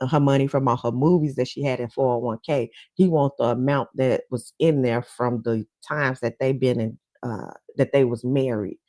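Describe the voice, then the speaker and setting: A woman hosts a livestream talk show, casually gossiping with her viewers and laughing between points. Her voice is very deep and dark-toned, recorded with no echo, in a casual commentary chat.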